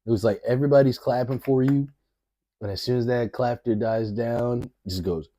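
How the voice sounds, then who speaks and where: Dark-voiced man in profane, rambling commentary. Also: mid-range voice, normal speed. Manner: loose, rambling, swears a lot and laughs often. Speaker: reaction commentator.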